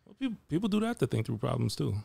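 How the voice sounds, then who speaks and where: A man's voice: on the high side, sing-song, quick pace, vocal fry, darkish tone, dry recording. A man co-hosting a podcast in casual chat, easygoing and dropping dry quips. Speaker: podcast co-host.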